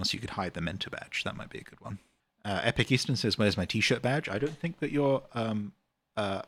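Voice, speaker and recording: Low-voiced British man reading chat. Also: fairly bright tone, dry recording. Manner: rambling, many ums and uhs, reads chat questions aloud. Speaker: game developer answering chat questions. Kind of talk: casual livestream Q&A.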